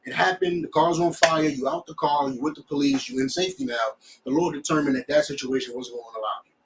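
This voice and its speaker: A man teaching a scripture class in an animated way, often checking that his students understand. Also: a little high, quick pace, gravelly, recorded from a distance, slight background noise, low-quality recording.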